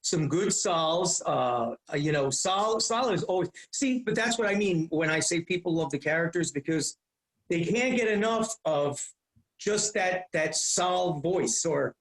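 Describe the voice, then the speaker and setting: Middle-aged male podcast guest, high-pitched, lively storyteller, roomy echo. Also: a little slow. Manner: animated, profane, repeats himself. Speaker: guest, comedian. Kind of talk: casual storytelling.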